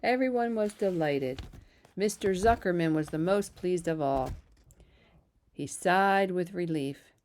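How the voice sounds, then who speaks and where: A woman reads a children's novel aloud at a steady pace, slipping on a word now and then. Her voice is slightly low. She narrates evenly. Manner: steady, even narration with small slips. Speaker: reader. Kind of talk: storybook read-aloud.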